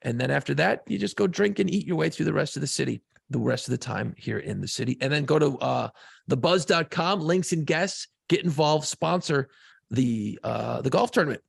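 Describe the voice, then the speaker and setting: A man co-hosting a podcast, telling a profane, excitable story in casual chat. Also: fairly high pitch, moderate pace, no echo, studio quality. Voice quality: gravelly, husky voice. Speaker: podcast co-host.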